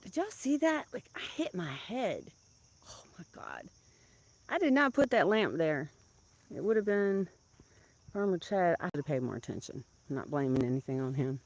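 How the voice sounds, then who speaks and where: A woman chatting casually to camera in her backyard as she tends her chickens. She laughs often and scolds the birds in a loud, high voice. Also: big pitch swings, normal speed. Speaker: vlogger keeping backyard chickens.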